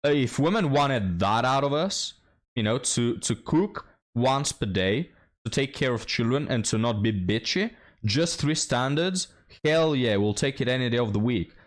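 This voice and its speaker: A man's voice: mid-range voice, expressive, moderate pace. A man hosting a reaction commentary, talking bluntly and mockingly with a lot of swearing. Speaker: commentary host.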